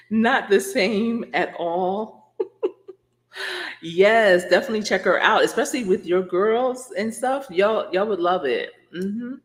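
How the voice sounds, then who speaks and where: A woman's voice: mid-range voice, takes it slowly. A woman coach chatting casually on a live stream. She rambles, laughs often and answers her viewers directly.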